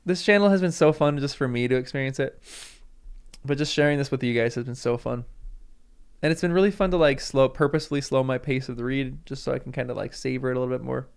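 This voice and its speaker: Gravelly-voiced man chatting on a live stream. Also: medium pitch, fast. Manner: emotional, chatty, thanks viewers warmly. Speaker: live-stream host reading a book aloud. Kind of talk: casual live-stream chat and reading.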